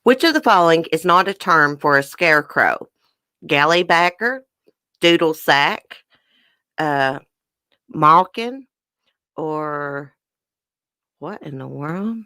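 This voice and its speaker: A chatty livestream host reads trivia questions aloud and answers viewers' guesses, mouth now and then full of food. The voice sits at a middling pitch. The sound is dry and close, with no room around it. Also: animated, takes it slowly, long pauses, bright, forceful tone, clean tone, no room sound. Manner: talks while chewing a brownie. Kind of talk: casual livestream trivia chat.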